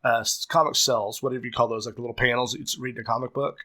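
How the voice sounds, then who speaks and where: A man's voice: mid-range voice, flat delivery, very fast, sharp tone. A man hosting a casual podcast, talkative and often searching for the right words. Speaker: podcast host.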